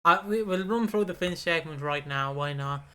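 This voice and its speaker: A man's voice: fairly high pitch, bright, forceful tone, clean tone. A man co-hosting a wrestling podcast in casual chat, rambling and swearing freely. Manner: swearing, rambling, quick asides. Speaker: podcast co-host.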